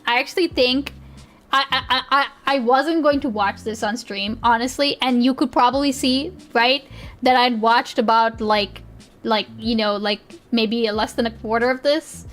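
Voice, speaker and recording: A woman's voice: a little high, fairly even intonation, normal speed, a bit bright. A young woman streaming live, chatting casually in a giggly, rambling way with lots of restarts. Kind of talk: casual livestream chat.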